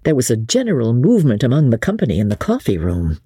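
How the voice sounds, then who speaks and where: A woman narrating a classic novel as an audiobook in an expressive storytelling manner. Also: very deep voice, fast talker, breathy edge, no room sound, studio quality.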